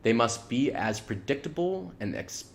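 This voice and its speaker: A man of middle pitch talks on in a loose, rambling monologue. He fills his speech with "like" and "you know" and circles back on his own words. A faint hum of ambience sits under him. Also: sing-song, moderate pace. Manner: loose, earnest, repeats himself. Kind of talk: casual spiritual talk monologue.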